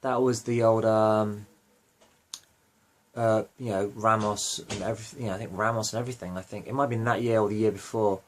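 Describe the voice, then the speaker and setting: A young man talks through a fan podcast in a loose, rambling way. He keeps restarting his sentences and filling gaps with "you know". His voice sits a little low. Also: fairly even intonation, a little fast. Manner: rambling, many fillers and self-corrections. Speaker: podcast host. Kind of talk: casual rambling monologue.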